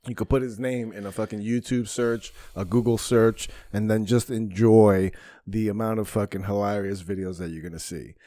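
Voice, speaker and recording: Profane, animated male podcast host. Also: on the low side, normal speed, dry recording, studio quality. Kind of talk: casual chat, storytelling.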